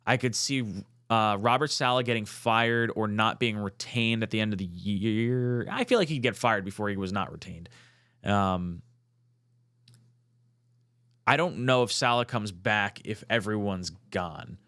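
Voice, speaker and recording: A young man hosting a casual fan talk show, reading out chat comments and getting fired up, swearing and nearly shouting at times. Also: on the low side, unhurried, clear, resonant tone, no echo, studio quality. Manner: excitable, swearing, rising to near shouts when fired up. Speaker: podcast host.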